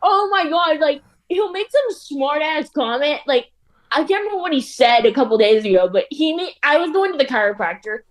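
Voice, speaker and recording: A young woman with a high voice, chatting casually as a guest on a talk show. She rambles with lots of "like" and laughs often as she talks. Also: lively intonation, moderate pace. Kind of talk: casual chat.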